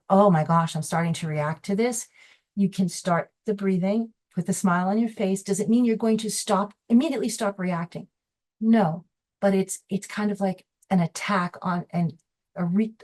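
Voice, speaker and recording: A woman's voice: mid-range voice, warm tone. A middle-aged woman giving an informal health webinar, talking conversationally with frequent restarts and acting out quoted reactions. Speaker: webinar presenter. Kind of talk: informal educational webinar talk.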